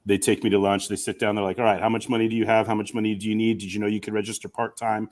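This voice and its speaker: A middle-aged man speaks on a video call from a campus room. His voice sits a little low and he talks fast, earnest and emotional, and he grows animated as he tells his story. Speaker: guest, communication professor and coach. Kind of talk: storytelling in an interview.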